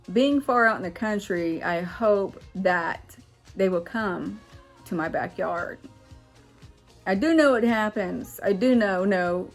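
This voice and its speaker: Excitable chatty woman vlogging. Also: mid-range voice, gravelly. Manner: excitable and chatty, gets loud when excited. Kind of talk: casual chat to camera.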